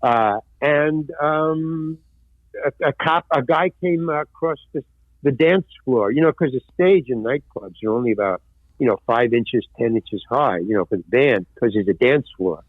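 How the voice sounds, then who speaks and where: An older man, a former stand-up comic, telling lively anecdotes in an interview and acting out the voices of people he quotes. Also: mid-range voice, a little slow, dry recording. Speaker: guest, actor and former stand-up comedian. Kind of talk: storytelling interview. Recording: dry, tinny phone-like line.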